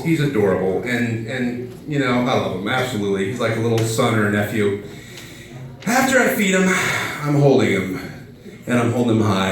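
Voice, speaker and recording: A man's voice: on the high side, a bit bright. A man in his thirties doing a rambling, self-deprecating stand-up comedy set full of fillers. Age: 30s. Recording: very echoey room, mic far off.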